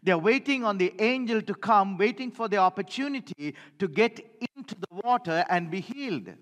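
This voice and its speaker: Male preacher, high-pitched, emphatic and repetitive, in a reverberant church hall. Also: expressive, moderate pace, fairly bright tone. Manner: emphatic, repeats phrases for the congregation. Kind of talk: sermon.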